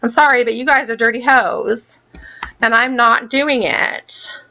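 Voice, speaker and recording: This is a woman ranting on her own vlog, angry and swearing as she keeps repeating herself. Her voice sits a bit high and comes across bright and forceful. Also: steady tone, a little slow. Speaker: gaming channel host.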